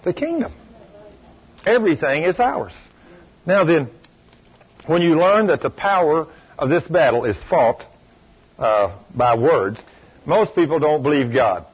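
A man's voice: on the high side, animated, measured pace, pauses often, slightly rough. A man preaching a sermon, telling stories emphatically and asking the congregation rhetorical questions. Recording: dull lo-fi recording.

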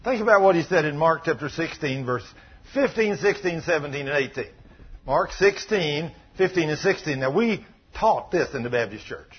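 A man's voice: on the high side, moderate pace, breathy edge, muffled recording. A man preaching a sermon who tells stories with animation and acts out the people in them. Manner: animated storytelling, voices the people in his stories.

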